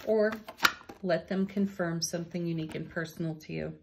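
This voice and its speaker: This woman's voice is on the low side, with noise in the background. She offers a spiritual reading with tarot and oracle cards, staying gentle and encouraging and letting out soft laughs between cards.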